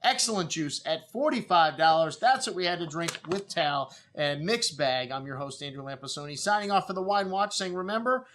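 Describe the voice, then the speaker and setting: A middle-aged man talks through wine tasting notes in a loose, rambling patter, full of "uh" and "you know". His voice sits a little high for a man. He sounds like a shop host chatting casually about his bottles. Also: expressive, a little fast, hardly any pauses, fairly bright tone.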